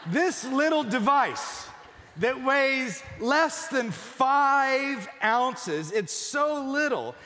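Emphatic male pastor in a reverberant hall. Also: very high-pitched. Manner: emphatic, drops to a hush for key points. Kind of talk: sermon. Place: large church.

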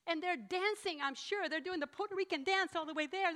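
Female preacher, high and bright, emphatic and animated sermon delivery. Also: moderate pace, few pauses.

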